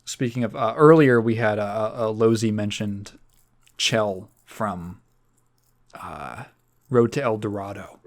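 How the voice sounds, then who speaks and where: A man's voice: lowish voice, takes it slowly. A man hosting a podcast in casual chat, rambling with fillers, laughter and swearing. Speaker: podcast host.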